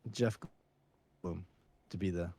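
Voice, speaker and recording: A man's voice: low-pitched, fairly even intonation, measured pace, mellow, no echo. A man co-hosting a casual movie review podcast, rambling with many restarts and jokey asides. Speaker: podcast co-host.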